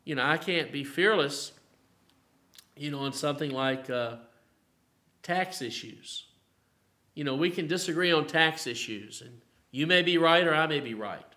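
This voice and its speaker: A pastor with an Appalachian Southern American accent leads a mid-week Bible study in a voice on the high side, sharp in tone. He moves at a measured pace with long pauses, chatting conversationally with plenty of "you know" fillers before building to emphatic declarations.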